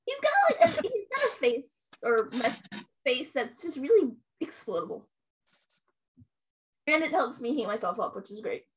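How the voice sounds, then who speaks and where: A woman's voice: high voice, big pitch swings, normal speed, slightly rough. A woman playing in a tabletop game, casual, playful and giggly, teasing the others as she takes her turn. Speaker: player.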